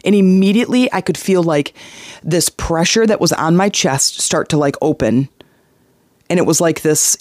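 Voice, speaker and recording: Earnest coaching host, slightly high voice. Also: male voice, no room sound, clean studio sound. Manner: earnest, emphatic, repeats key phrases for stress; animated storytelling with acted-out voices. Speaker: podcast host and life coach. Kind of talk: motivational podcast monologue.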